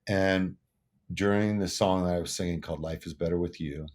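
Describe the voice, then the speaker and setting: A man's voice: low voice, steady tone, a little fast, a little mellow. A man in his sixties, a musician guest telling stories in an earnest, reflective way, often repeating words as he thinks. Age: 60s. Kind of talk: casual interview storytelling.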